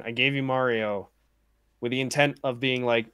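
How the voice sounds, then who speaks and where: A man co-hosts a gaming stream with a laid-back, chatty delivery at an ordinary pitch. He laughs easily and swears casually while telling stories. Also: steady tone, brisk, pushed and bright, smooth. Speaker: stream co-host.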